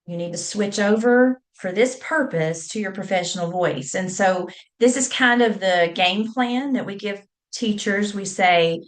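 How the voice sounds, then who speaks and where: In an academic talk, a woman who is a scholar and public speaking teacher explains at length and spells words out letter by letter. Her voice is medium in pitch and a little slow, with hardly any pauses.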